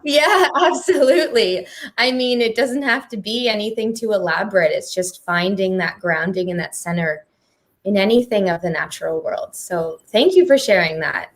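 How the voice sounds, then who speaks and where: A woman's voice: mid-range voice, moderate pace. A woman moderating a live panel conversation on stage. She speaks in an earnest, heartfelt way and laughs often. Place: performing arts centre stage.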